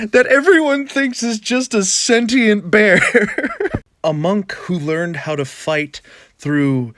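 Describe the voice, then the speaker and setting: A man with a slightly high voice that swings widely as he runs through a comic list of character ideas. He laughs often between items. The delivery stays playful and amused throughout. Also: big pitch swings, takes it slowly, a bit bright, no echo. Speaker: comedy skit creator.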